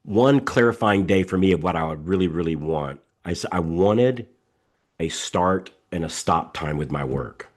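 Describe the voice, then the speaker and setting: A middle-aged man runs a live coaching session through a video call microphone. His low voice moves at a moderate pace as he speaks emphatically, repeats himself and tells animated stories.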